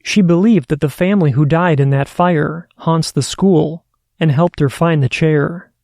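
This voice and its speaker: A man hosting a podcast, reading listener stories aloud in a steady, earnest way. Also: on the high side, measured pace, creaky, dry recording, studio quality. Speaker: podcast host.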